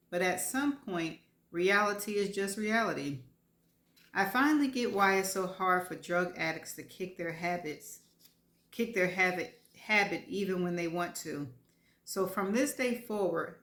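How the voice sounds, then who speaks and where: A woman's voice: fairly low pitch, a bit bright. A woman in her fifties or older reading a first-person story in a candid, wry, self-deprecating way. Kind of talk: first-person audiobook narration. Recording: roomy echo.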